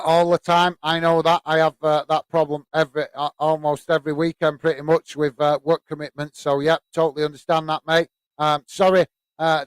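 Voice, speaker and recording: A British man hosting a live football watch-along, chatting in a friendly, halting way with many fillers while reading viewer messages. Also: fairly high pitch, clean tone, no echo.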